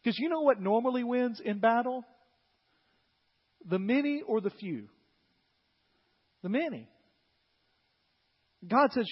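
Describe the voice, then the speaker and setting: A pastor preaching a sermon, animated and conversational, retelling scripture and acting out its figures in asides. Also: male voice, very high voice, slow, pauses often, slightly rough. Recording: long hall reverb, dull lo-fi sound.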